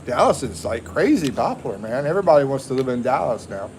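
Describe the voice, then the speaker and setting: A man's voice: medium pitch, sing-song, fast, a little mellow, slight background noise, poor audio. A Texan man chatting casually on a livestream, reading viewer comments and chuckling, in a home kitchen. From USA. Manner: laid-back, chuckling, reads viewer comments. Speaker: livestream host.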